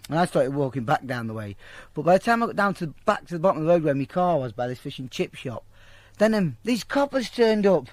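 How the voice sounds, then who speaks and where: A man telling a crude, profane anecdote in a blunt, animated way to an interviewer. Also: a little high, fast talker, dry recording. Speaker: storyteller. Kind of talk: casual anecdote told to an interviewer.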